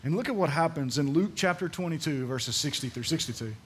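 A pastor preaching a sermon, repeating key phrases for emphasis and swinging between soft and loud delivery. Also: male voice, a little high, expressive, brisk, a little hiss or hum.

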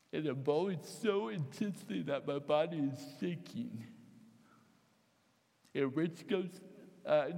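A man's voice: on the high side, gravelly, mellow. A man telling an emotional personal story, with dramatic retellings and acted-out quotes. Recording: long hall reverb.

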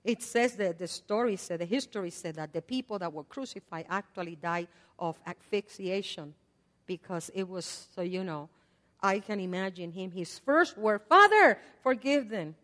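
An older woman preaching a sermon in a conversational way. She swings between loud repeated prayers and soft asides. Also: on the low side, moderate pace. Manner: conversational, with fillers and laughs. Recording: long hall reverb.

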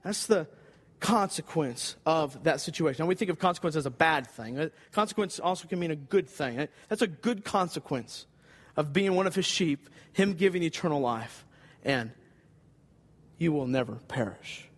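A man's voice: on the high side, lively intonation, moderate pace. A man preaching a sermon, earnest and emphatic, repeating key phrases for weight. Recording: long hall reverb.

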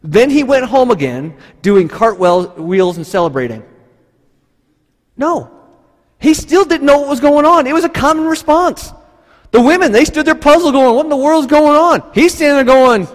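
A man preaching a sermon, telling the story with animated energy and acting out the people in it. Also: very high voice, normal speed, in a large hall. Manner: animated storytelling, acts out voices. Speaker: pastor.

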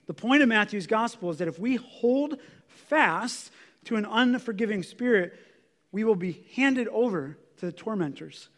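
A man's voice: high-pitched, expressive, normal speed, a bit bright. A man preaching a sermon in a conversational, explanatory way, with asides and restarts as he walks through scripture. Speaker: pastor.

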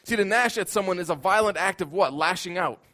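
A man preaching a sermon in an earnest voice, building at times into loud, emphatic outbursts. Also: sits high, expressive, brisk.

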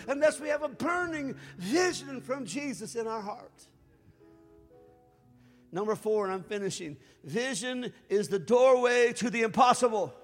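A man preaches a fiery sermon. He swings from full-throated shouts to quiet, chuckling asides. His voice rings out with a long church-hall echo over faint music. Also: extremely high pitch. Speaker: pastor.

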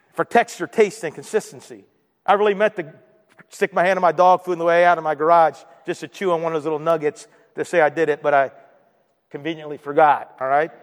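A man preaching a sermon as pastor, talking to the room in a conversational way and often asking the congregation "right?". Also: sits high. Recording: long hall reverb.

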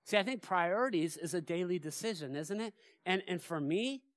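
A male pastor preaching a sermon in a church, animated and asking his congregation rhetorical questions. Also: high voice, moderate pace, no echo, clean studio sound. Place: church sanctuary.

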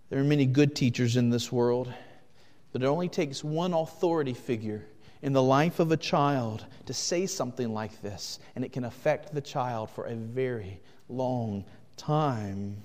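A man preaching a sermon, earnest, swinging between loud urgent passages and hushed ones. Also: mid-range voice, normal speed, in a large hall. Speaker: pastor.

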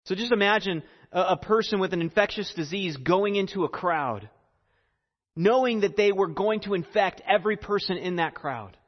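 High-voiced man preaching in a hall. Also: expressive, highs cut off. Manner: earnest preaching with repeated phrases and dramatic pauses. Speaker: pastor. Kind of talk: sermon.

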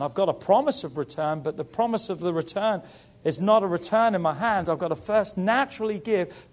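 A middle-aged man preaching a sermon as pastor, building emphasis through repeated rising phrases. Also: sits high.

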